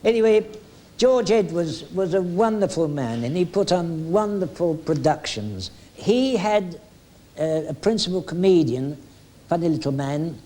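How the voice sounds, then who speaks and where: Older entertainer, somewhat high voice, chatty anecdotal storyteller with halting fillers. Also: male voice, animated, mellow. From England. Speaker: veteran music hall entertainer. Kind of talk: anecdotal reminiscing.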